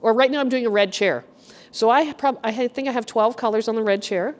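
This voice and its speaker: A middle-aged woman curator giving a chatty, animated walk-through talk to a group in an art gallery. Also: fairly high pitch, brisk. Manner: chatty, animated storyteller, addresses the group directly. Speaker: guest curator. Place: art gallery exhibition room.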